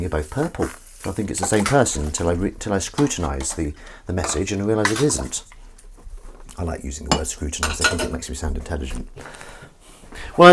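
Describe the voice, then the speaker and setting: A man's voice: low voice, noisy background. A man hosting a casual livestream from home, chatting with viewers in a rambling, self-mocking way. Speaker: livestream host. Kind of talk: casual chat with live chat viewers.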